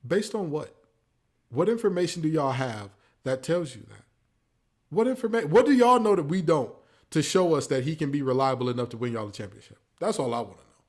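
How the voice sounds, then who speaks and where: A man with a fairly high voice hosts a casual sports talk show, speaking fairly quickly. His podcast rants are animated and preachy, full of mock quotes.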